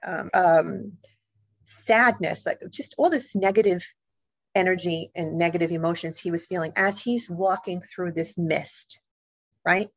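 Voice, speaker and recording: A middle-aged woman, a guest author and paranormal investigator, telling a personal story in an animated, emotional way, acting out the voices of the people in it. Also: lowish voice, a little slow, no echo. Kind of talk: storytelling in a podcast interview.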